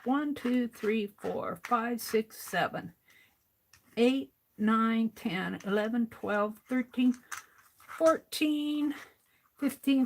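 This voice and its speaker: An older woman hosting an art livestream, chatting casually to herself as she works and counting items out loud. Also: fairly high pitch, a little hiss or hum. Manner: unhurried, talks to herself while working, counts items aloud. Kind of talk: casual crafting livestream chat.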